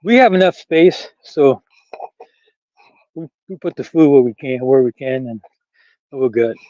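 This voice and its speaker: A man's voice: mid-range voice, expressive, measured pace, darkish tone, no echo, dull audio. A middle-aged man vlogging casually outdoors on a rural trail, rambling and chatty and laughing at his own jokes. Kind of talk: casual walking vlog.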